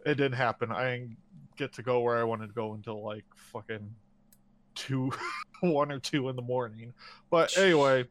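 A man's voice: mid-range voice, moderate pace. A man casually chatting about movies, swearing freely and acting out little quoted voices as he tells stories. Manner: profane, animated storytelling with quoted voices.

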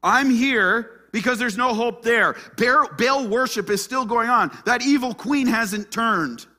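A man preaching who voices a despairing male prophet in a high, strained, pleading tone. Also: a little slow, pushed and bright, full character voice. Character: despairing male prophet, anguished and self-pitying. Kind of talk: sermon with acted quotes.

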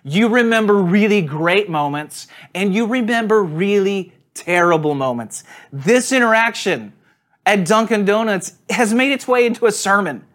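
A male pastor delivers a sermon in a casual, storytelling manner, sitting slightly high in his range. He laughs easily at his own anecdotes. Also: animated, moderate pace, fairly bright tone. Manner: conversational storytelling, laughs at himself. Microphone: on camera.

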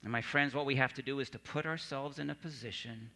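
Earnest man preaching, bright tone. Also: medium pitch, fairly even intonation, quick pace. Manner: earnest preaching, dropping soft for emphasis. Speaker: pastor. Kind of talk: sermon.

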